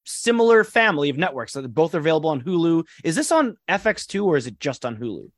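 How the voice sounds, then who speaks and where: Guy co-hosting a podcast, higher voice swinging all over, super dry sound, lots of "like". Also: fast, no room sound. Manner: animated, many filler words. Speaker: podcast co-host. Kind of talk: casual chat.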